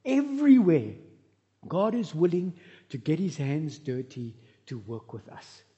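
A man preaching a sermon as pastor, telling lively stories with humorous asides. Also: fairly high pitch, measured pace. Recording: reverberant hall, dull lo-fi sound.

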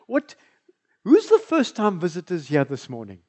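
Animated South African pastor preaching. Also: male voice, sits high, moderate pace. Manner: animated, engaging the congregation with questions. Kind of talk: bilingual sermon. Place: church.

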